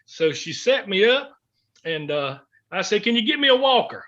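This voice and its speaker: A man's voice: high voice, very animated, moderate pace, pushed and bright. A middle-aged man telling a heartfelt story in an interview, folksy and sometimes choked up. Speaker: guest, former gospel singer. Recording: dull lo-fi recording.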